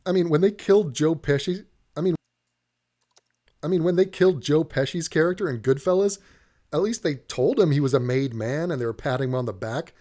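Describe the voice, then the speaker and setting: A man's voice: a little high, lively intonation, brisk, warm tone. Sarcastic man on a profane rant. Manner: sarcastic, exasperated, swears freely. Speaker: comedian reacting to an ad.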